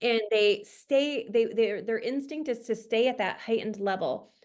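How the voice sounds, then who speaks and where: A woman's voice: fairly high pitch, a little slow, darkish tone. A woman hosting a podcast interview, asking long and curious questions. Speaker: podcast host. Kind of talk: conversational interview.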